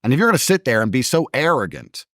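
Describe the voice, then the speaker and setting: A man talking as an interview guest in a forceful, opinionated way. He is blunt, swears, and mimics other people's voices in his stories. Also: medium pitch, big pitch swings, fast, no room sound, clean studio sound.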